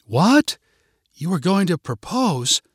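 A man voicing a young woman who is upset and demanding, in a higher pitched voice for a read-aloud story. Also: very animated, slow pace, breathy edge, no room sound, studio quality, heavily acted. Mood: pleading, upset. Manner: high-pitched, insistent.

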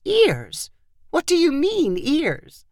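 A woman's voice: on the high side, big pitch swings, moderate pace, a bit bright, no echo, studio quality, voice pushed up. A woman narrator voicing an eager, doting grandmother in a storybook reading.

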